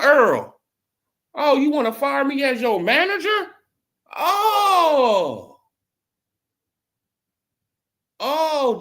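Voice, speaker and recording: A man's voice: on the high side, lightly acted. A man putting on the voice of a controlling, spiteful male boxing manager who scolds and taunts with rhetorical questions.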